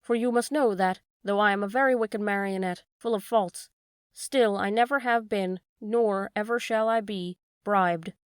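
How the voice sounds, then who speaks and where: A woman voicing an earnest, proud wooden marionette boy in a storybook reading, with low, subdued replies. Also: moderate pace, clear, resonant tone, no room sound, clean studio sound, lightly acted. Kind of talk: storybook read-aloud.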